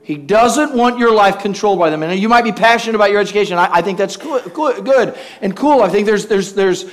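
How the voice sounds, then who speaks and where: A man's voice: high voice, a little fast. A man preaching a sermon, telling humorous everyday stories, acting out quoted voices, and calling for responses from the congregation. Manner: animated storytelling, acts out quoted voices with humor.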